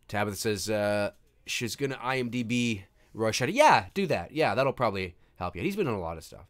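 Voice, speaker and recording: A man hosting a live movie commentary, talking casually and excitedly and swearing freely as he reacts to the film and reads out viewer chat. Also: mid-range voice, moderate pace.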